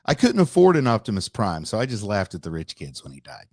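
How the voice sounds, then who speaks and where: A man's voice: lowish voice, huge pitch swings, fast talker, no room sound, clean studio sound. A middle-aged man co-hosting a casual movie podcast, wry and joking. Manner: wry, joking, does silly voices. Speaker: podcast co-host.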